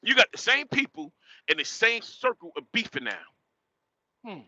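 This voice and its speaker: A man in his late forties from northern New Jersey rants on a casual livestream from inside his truck cab, his voice pitched very high and strikingly sharp and bright. He talks in emphatic street slang and circles back to the same points again and again. The sound is dry and close, with no room echo. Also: big pitch swings, moderate pace, pauses often, lo-fi sound. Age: 40s.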